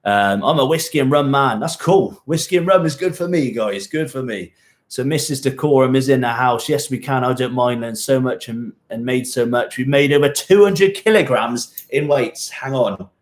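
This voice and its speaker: A man with a West Country accent, a Gloucestershire twang with a hint of Welsh, chats casually on a live stream from a chilly home gym shed. He talks in a jokey, rambling way, laughing often as he reads out and answers viewers' comments. His voice sits at an ordinary middle pitch. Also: normal speed. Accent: West Country Gloucestershire twang with a touch of Welsh. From England, born in Hereford. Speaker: fitness channel host.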